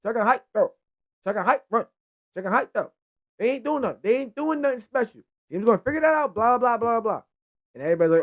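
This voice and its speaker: A young man hosting a casual solo football recap, rambling and excitable, with frequent profanity. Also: extremely high pitch, fast. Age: young adult. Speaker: sports show host.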